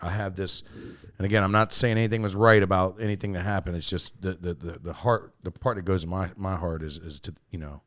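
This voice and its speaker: A man hosting a podcast in casual chat, loose and swearing, with many restarts and sudden louder bursts. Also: low-pitched, brisk, dry recording, studio quality. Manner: loose and swearing, restarts a lot, bursts up loud when excited. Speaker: podcast host and coach.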